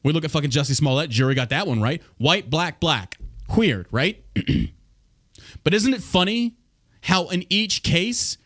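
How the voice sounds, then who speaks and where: A man's voice: fairly high pitch, very animated, a little slow, a bit bright. A man hosting a podcast, ranting in a profane, combative way. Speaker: podcast host. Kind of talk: casual podcast rant.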